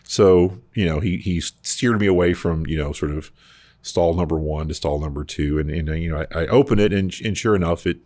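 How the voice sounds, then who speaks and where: A man tells travel stories on a podcast in a loose, animated way, full of restarts. His voice is extremely low and husky. The recording is dry and close. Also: a little fast, dry recording. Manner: animated, rambling storyteller. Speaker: podcast co-host. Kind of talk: casual storytelling chat.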